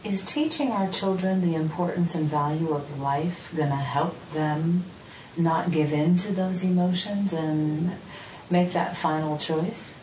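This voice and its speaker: A woman host asking a measured, thoughtful question. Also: low voice, mellow. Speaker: interviewer. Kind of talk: interview question. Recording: roomy, slightly distant mic with faint noise.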